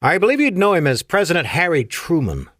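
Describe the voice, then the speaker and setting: A man voicing an ancient, courteous alien admiral with an Afrikaans-tinged accent and formal, measured speech. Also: a little high, wildly swooping pitch, a bit bright, dry recording, studio quality, pitched above the performer's own voice, heavily acted.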